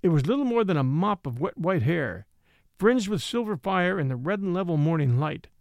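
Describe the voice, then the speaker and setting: A man's voice: moderate pace, gravelly, no echo, studio quality. A man reading a mystery story aloud as narrator, giving each character a shift in voice. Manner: reads all characters with lively shifts in pitch. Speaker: audiobook narrator.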